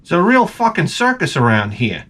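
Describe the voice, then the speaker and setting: A man voicing a quiet young male coworker who mutters flatly and swears. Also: fairly high pitch, moderate pace, slight background noise. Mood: deadpan.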